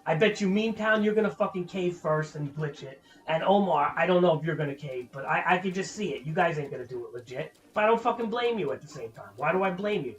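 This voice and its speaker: A man's voice: a little high, expressive, fast talker, few pauses. A young man streaming a game, ranting with lots of swearing in frustration. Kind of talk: casual gameplay commentary.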